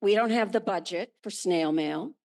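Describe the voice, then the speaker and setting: An older woman, a former school and finance board member, giving a measured, matter-of-fact comment at a town meeting. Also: mid-range voice, creaky, a little mellow.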